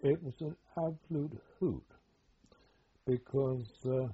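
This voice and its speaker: A man's voice: medium pitch, slightly rough. An older man, telling war stories in a hesitant, rambling way during an oral history interview. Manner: hesitant, rambling storytelling with many pauses. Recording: dull lo-fi recording.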